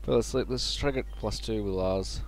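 A chatty let's play host narrates his own game playthrough in casual gaming commentary, joking and muttering asides. His voice is fairly low, brisk and gravelly, with faint music playing underneath.

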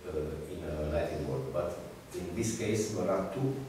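A man giving an academic lecture, speaking haltingly with many fillers and restarts. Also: low voice, warm tone. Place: lecture room. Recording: distant echoey hall recording with hiss.

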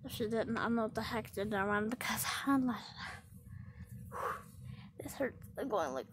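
A young woman with a high, bouncy voice chatters playfully in a casual home vlog, slipping from hushed whispers into excited squeals. Recorded indoors in a bedroom with a faint hiss behind her. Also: quick pace. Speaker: vlogger.

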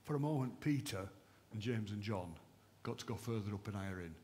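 A man preaching a sermon at a church service, impassioned and emphatic, swinging between raised fervent lines and hushed ones. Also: lowish voice, expressive, fairly quick, a little hiss or hum. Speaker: pastor.

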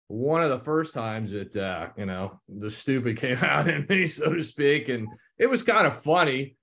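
A man's voice: mid-range voice, a bit bright. A man in his fifties, an attorney, telling casual courtroom stories with frequent chuckles and acted-out quotes. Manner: chuckles often, acts out quoted dialogue. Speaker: attorney guest. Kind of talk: casual anecdotal storytelling.

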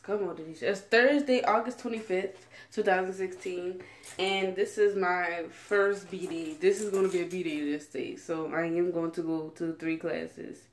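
A woman's voice: fairly low pitch, steady tone, measured pace. A woman in her late teens vlogging to her phone camera at home at night, rambling in a chatty, slangy way with lots of fillers. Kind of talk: casual rant to camera.

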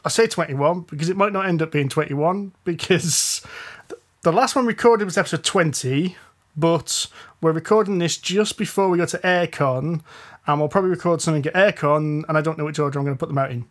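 A man's voice: a little high, a little fast. A man with a Northern English accent hosting a board game podcast, chatty and rambling, often laughing. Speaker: podcast host. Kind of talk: casual chat.

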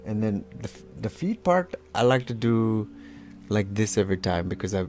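A man's voice: on the low side, big pitch swings, normal speed, a little mellow, faint music behind. A man leading a casual draw-along lesson, talking as he draws, playful and rambling with self-mocking asides. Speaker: drawing instructor.

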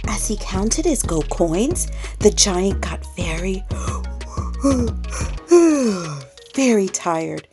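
Woman storyteller, bedtime story for kids, expressive, very lively pitch, soft music behind. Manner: expressive, slow, dramatic pauses. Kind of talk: children's bedtime story read-aloud.

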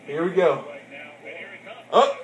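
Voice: mid-range voice, takes it slowly, very noisy. A parent counting workout reps aloud in a playful, teasing way during a home video. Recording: echoey room.

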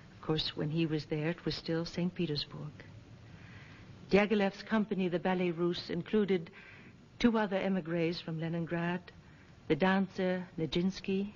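A woman's voice: lowish voice, darkish tone, a little hiss or hum. Poised woman narrating a documentary. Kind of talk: scripted narration. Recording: dull lo-fi 1970s film sound.

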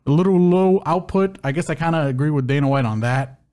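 A man's voice: on the high side, brisk, darkish tone, clear, resonant tone. A man co-hosting a podcast, previewing fights in a loose, joking way and stumbling over names. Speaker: co-host of a fight-betting podcast.

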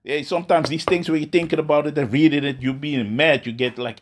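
A man giving an informal sermon, ending nearly every phrase with "man", restarting often and reading Bible verses slowly. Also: a little high, steady tone, a little hiss or hum.

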